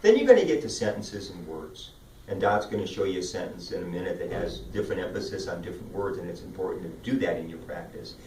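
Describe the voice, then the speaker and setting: A man coaching speech and debate students, upbeat and demonstrative as he walks through vocal warm-up drills. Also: low-pitched, lively intonation, fast talker, slight background noise. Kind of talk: instructional talk. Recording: roomy sound from a distant mic.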